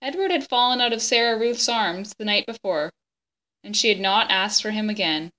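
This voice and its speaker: A woman reads a children's chapter book aloud, gentle and expressive, pausing now and then to talk the story over with young listeners. Her voice is bright and clear, at an ordinary middle pitch. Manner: gentle, expressive, pauses to explain.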